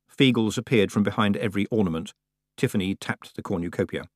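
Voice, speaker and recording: A man narrating an audiobook in a lively, expressive storytelling manner. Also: on the low side, fairly quick, dry recording, studio quality.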